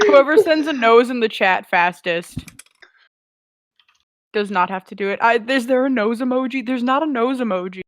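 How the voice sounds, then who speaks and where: A woman's voice: on the high side, lively intonation, normal speed, no echo. Woman, game player, casual and bubbly, dry sound. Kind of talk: casual chat. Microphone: online voice call.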